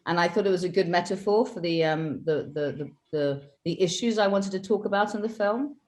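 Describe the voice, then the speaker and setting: Low-voiced British woman, thoughtful. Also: fairly quick, a little mellow. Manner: thoughtful, many fillers. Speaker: film director. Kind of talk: video call interview.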